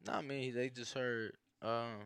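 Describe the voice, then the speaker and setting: A man's voice: medium pitch, flat delivery, slow, creaky, a bit bright, smooth, no room sound, clean studio sound. A young man co-hosting a casual podcast, talking in slang, saying "bro" a lot and often restarting his sentences. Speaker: podcast co-host. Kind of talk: casual chat.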